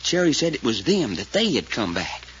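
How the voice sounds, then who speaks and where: An actor playing a homespun, plainspoken male sidekick, retelling events with rustic grammar and halting restarts, in 1940s radio acting. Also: medium pitch, very animated, a bit bright, a little hiss or hum. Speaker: witness recounting events. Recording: dull lo-fi old radio recording.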